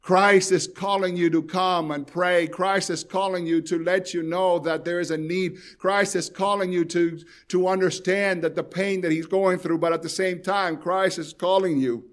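A man's voice: high voice, fairly even intonation, normal speed, few pauses, fairly bright tone. A man preaching a sermon, speaking with pleading intensity and addressing his listeners directly, repeating phrases for emphasis. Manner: pleading, rising and falling in intensity.

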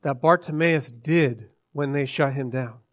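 A man preaching a sermon, asking the listeners questions and swinging between hushed asides and loud, stressed lines. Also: medium pitch, a little slow.

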